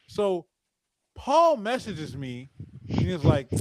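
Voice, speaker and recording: Man, podcast host, high-pitched, excitable, stammering, casual swearing. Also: slow, long pauses, background noise. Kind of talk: casual chat.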